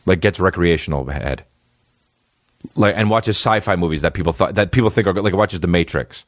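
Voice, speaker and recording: A man's voice: low voice, a little fast, no room sound, studio quality. A man hosting a comedy podcast, riffing and jumping into exaggerated character voices. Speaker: podcast host.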